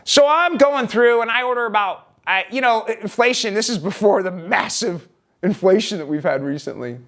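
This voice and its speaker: A man's voice: sits high, normal speed, fairly bright tone. A man telling a personal story in a vlog, rambling and emphatic with frequent restarts. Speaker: vlogger.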